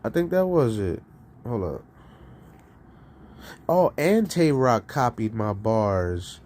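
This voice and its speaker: A man talking casually on his live stream, rambling and profane, laughing between lines and swinging from loud outbursts to low mutters. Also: big pitch swings, slow pace, slight background noise. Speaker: streamer and rapper.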